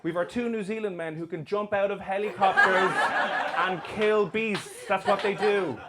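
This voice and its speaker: Brash comedian on a club stage. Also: male voice, sits high, moderate pace. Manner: brash, sweary, mocking banter with the crowd. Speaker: stand-up comedian. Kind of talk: live stand-up comedy with crowd work. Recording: live club recording with crowd noise. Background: crowd laughter.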